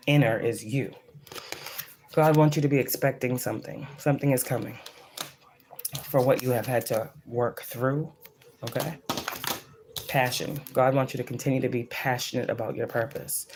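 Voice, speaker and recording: A woman's voice: rumbling low, a little mellow, a little hiss or hum. Blunt, cussing woman giving a psychic reading. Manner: blunt and profane, rambling, preachy; repeats phrases for emphasis. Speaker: psychic reader. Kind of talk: casual channeled spiritual reading.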